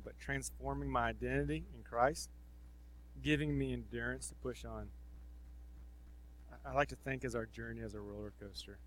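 A man preaching a sermon in a casual, conversational way with slang, swinging between loud emphasis and near-murmured asides. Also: mid-range voice, steady tone, normal speed, long pauses, low-quality recording.

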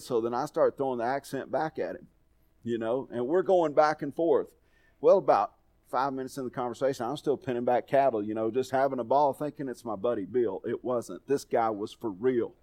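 Folksy pastor telling stories. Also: male voice, medium pitch, fairly quick, dark tone. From Texas. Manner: folksy storytelling, conversational. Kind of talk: sermon with personal stories.

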